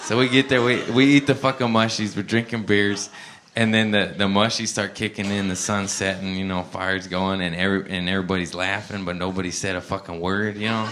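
A male stand-up comedian telling a profane, laid-back story on a club stage, with bursts of animated excitement. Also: low-pitched, brisk, a little hiss or hum.

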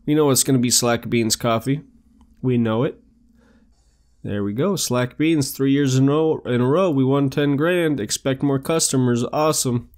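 A man's voice: mid-range voice, normal speed, darkish tone. Upbeat man narrating his game. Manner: upbeat, chatty, narrates each click. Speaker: let's play host. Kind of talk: casual gameplay commentary.

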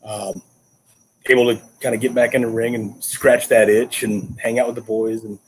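A man talking as a guest in a casual interview, relaxed and halting as he answers. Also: mid-range voice, a little hiss or hum, poor audio. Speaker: guest, former wrestler.

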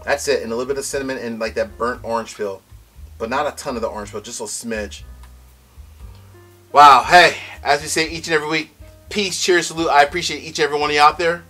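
A man giving a casual, excitable whiskey tasting review, loud exclamations, teary-eyed from a strong pour. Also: medium pitch, fast talker, soft background music.

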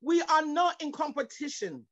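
A woman preacher with a high-pitched, animated voice delivers a fervent sermon at normal speed over a video call. She repeats herself, restarts phrases in a stumbling way, and breaks into exclamations of praise, all through dull, lo-fi audio with no room sound.

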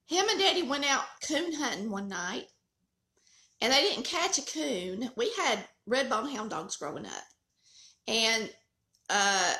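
Southern lady chatting family stories, high and bright, bouncy voice. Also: creaky, roomy sound. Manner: folksy, animated storyteller. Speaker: cooking channel host. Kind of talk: casual storytelling chat.

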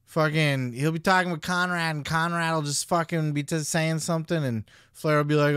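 A man's voice: on the high side, steady tone, normal speed, few pauses, fairly bright tone, clean tone, dry recording, clean studio sound. A man hosting a podcast, giving casual commentary in a blunt, heavily profane way. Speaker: podcast host.

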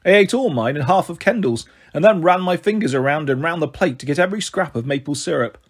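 Husky man reading a story aloud. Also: on the high side, fast. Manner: steady first-person narration. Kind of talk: reading a children's novel aloud.

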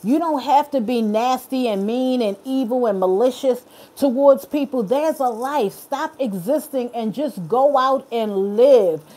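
A woman's voice: a little high, measured pace, mellow. A woman hosts a casual live stream. She reads out viewers' comments and answers them directly, earnest and encouraging.

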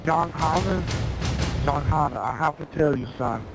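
A young man doing a gruff cyborg soldier. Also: a little high, expressive, moderate pace, over loud music. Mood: solemn farewell. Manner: an Arnold-style impression with broken grammar. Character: gruff male cyborg soldier saying a farewell.

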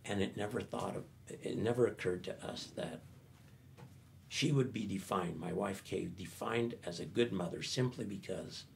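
Older male speaker, gravelly, animated storyteller at a talk. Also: low voice, normal speed, slight background noise. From United States. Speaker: professor giving a talk.

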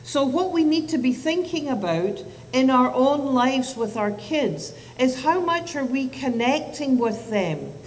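A woman's voice: sits high, very animated, unhurried, hardly any pauses. A woman in her fifties, a child psychiatrist, giving a public talk to parents and teachers in a chatty, self-deprecating way with asides and restarts. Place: event hall. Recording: distant mic, long hall reverb, faint noise.

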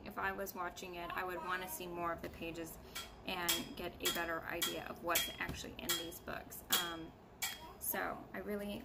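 A woman's voice: lowish voice, gravelly. A young woman and homeschooling mom casually talking through books in a vlog, thinking aloud with fillers. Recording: loud background noise.

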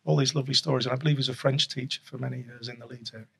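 Gravelly, husky man. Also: medium pitch, steady tone, rapid-fire, fairly bright tone. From Yorkshire, England. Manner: rambling, chuckling storyteller with many restarts. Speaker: guest, former rugby league coach and official. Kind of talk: casual podcast chat.

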